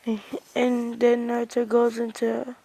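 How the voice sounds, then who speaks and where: A woman tells a made-up anime fight story in a casual, rambling way. Her voice sits on the high side and stays fairly level, and she keeps restarting phrases and stringing events together with "he's like.". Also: monotone, unhurried, creaky, dark tone, poor audio. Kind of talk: casual retelling of an invented anime fan story.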